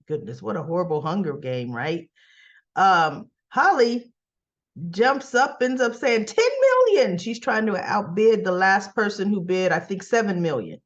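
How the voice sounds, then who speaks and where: A woman's voice: medium pitch, measured pace, muffled recording. A woman reviewing a soap opera episode in a casual, chatty recap, often checking in with "right?" and acting out characters' lines.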